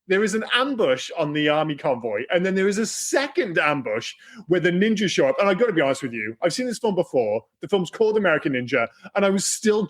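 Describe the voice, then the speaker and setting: Higher-voiced man, lively podcast chat. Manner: animated, swears freely, acts out lines in quoted voices. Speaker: podcast co-host. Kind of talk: casual film-review chat.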